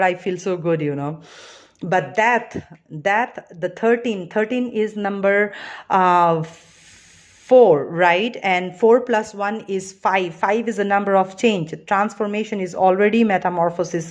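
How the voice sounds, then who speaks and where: Chatty woman reading tarot. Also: medium pitch. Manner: chatty and rambling, frequent "you know" and "all right"; earnest and reassuring. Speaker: tarot reader. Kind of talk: tarot card reading to camera.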